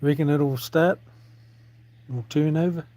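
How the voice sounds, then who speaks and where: A somewhat high, warm male voice with a New Zealand accent talks unhurriedly over a phone livestream from farmland, with no room sound. He rambles casually, thinking aloud and dropping the odd swear word.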